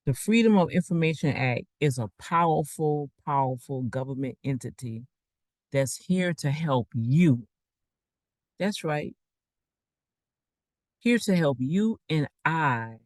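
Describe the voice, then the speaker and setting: A man's voice: fairly high pitch, no echo. A man giving a casual, rambling online talk as a financial coach, preaching with asides while sharing his screen.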